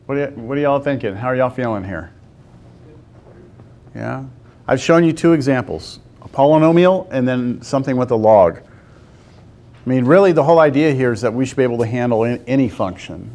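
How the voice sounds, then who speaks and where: A man teaching a calculus lesson to a class. He talks through a graph step by step and keeps pausing to ask the students whether they see it. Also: mid-range voice, expressive, a little mellow. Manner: talks to the class, asks lots of check-in questions. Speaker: math teacher.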